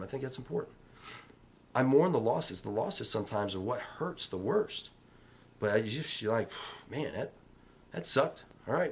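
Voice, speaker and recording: A man in real estate speaking in a casual vlog, giving emphatic, repetitive motivational advice in a coaching tone. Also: mid-range voice.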